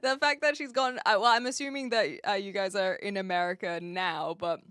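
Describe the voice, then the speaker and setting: A woman's voice: medium pitch, steady tone, a little fast, a bit bright, clear, resonant tone, no echo, studio quality. A woman with a New Zealand accent chatting casually with her live audience as a streamer, reading out and answering their messages. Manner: chatty, reads viewers' messages aloud and answers them.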